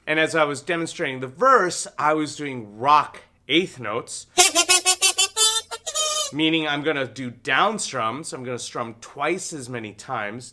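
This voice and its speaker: Guy teaching guitar real slow, slightly high voice, counts beats out loud, loud guitar playing under him. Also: expressive. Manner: counts beats aloud and sings lyric snippets over guitar. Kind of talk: guitar lesson with counting and singing.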